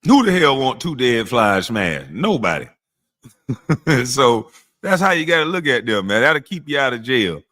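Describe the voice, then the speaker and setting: A man smoking while he talks hosts a relaxed livestream, roasting the chat and talking trash. High-pitched when heckling, he goes slow and low as he calms down.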